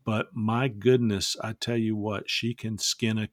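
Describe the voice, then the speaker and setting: A man hosts a podcast, chatting loosely and cracking jokes between tangents. His voice sits low, and the recording is close and dry with no room sound. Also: level tone, no room sound. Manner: joking, rambling, quick to laugh. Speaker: podcast host. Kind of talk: casual podcast chat.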